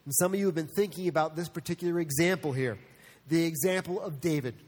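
A man preaching a sermon as a pastor, earnest, moving between soft asides and animated stretches. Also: a little high, fast, big-room sound.

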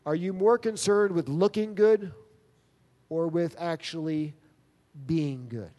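A man preaching a sermon as pastor, earnest and emphatic, with dramatic pauses. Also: a little high, warm tone. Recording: long reverb of a large hall.

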